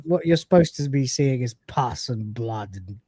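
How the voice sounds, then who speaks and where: A man's voice: medium pitch, animated, moderate pace, warm tone, breathy edge, dry recording, studio quality. A man casually recapping an episode, rambling with fillers and swearing offhand. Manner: rambling, with many fillers and restarts. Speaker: host.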